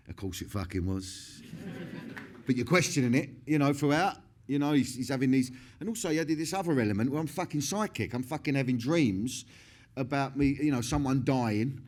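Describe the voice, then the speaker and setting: A man's voice: mid-range voice, fairly quick, darkish tone. A middle-aged man, talking in a candid stage interview, swearing constantly, laughing often and restarting his sentences. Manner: profane, laughing, rambling with many restarts.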